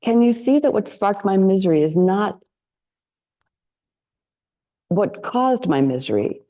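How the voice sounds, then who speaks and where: A woman's voice: mid-range voice, big pitch swings, measured pace, mellow. A woman meditation teacher giving a dharma talk, reflective and candid, often asking questions.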